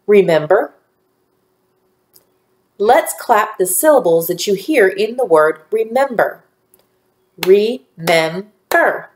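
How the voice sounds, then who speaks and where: A woman teacher giving a phonics lesson to young children, speaking slowly and clearly with encouraging praise. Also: medium pitch, darkish tone. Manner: slow, clearly enunciated, encouraging.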